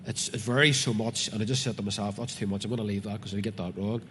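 This is a sermon: a Northern Irish man reads scripture and talks it through earnestly and conversationally with the congregation. He speaks fast in a fairly low, slightly bright voice with a steady tone, over a little hiss or hum, and the hall is reverberant with faint ambience.

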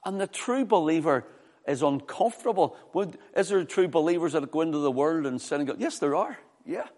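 A man preaching a sermon with fervor, swinging from loud, high exclamations to low, quiet scripture reading. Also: lively intonation, a little fast. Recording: long hall reverb.

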